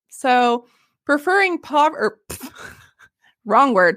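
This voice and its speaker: A woman with a high voice hosts a casual history podcast. She tells the story in an animated, joking way, laughing and swearing along. The sound is dry and close. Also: measured pace, dry recording. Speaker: podcast host.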